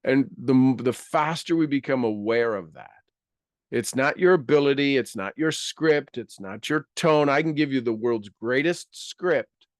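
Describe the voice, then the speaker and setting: A man's voice: mid-range voice, measured pace, no room sound, clean studio sound. A man giving a motivational coaching talk, acting out quoted voices and laughing often.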